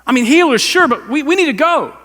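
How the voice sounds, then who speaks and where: A man's voice: extremely high pitch, expressive, brisk, bright, forceful tone, in a large hall, voice pushed up, exaggerated voice. A man voicing a desperate, exasperated father who begs to hurry, in a sermon re-enactment. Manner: exasperated, pleading, slangy.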